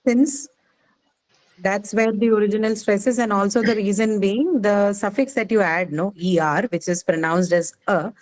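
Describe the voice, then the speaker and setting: A woman's voice: medium pitch, normal speed, a little mellow, poor audio. A woman teaching an English class on word stress, patiently quizzing students and repeating their answers.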